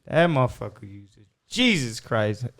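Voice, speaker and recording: Animated man hosting. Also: mid-range voice, normal speed, vocal fry. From Chicago. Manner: animated, swearing, laughing often. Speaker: podcast host. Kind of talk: casual chat.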